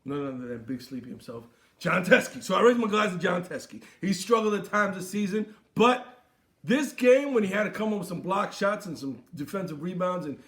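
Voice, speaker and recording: A young man hosts a comedic sports recap in a boisterous, theatrical way, full of mock toasts and playful bits. His voice sits high and sounds bright and sharp. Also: animated, normal speed. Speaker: sports show host.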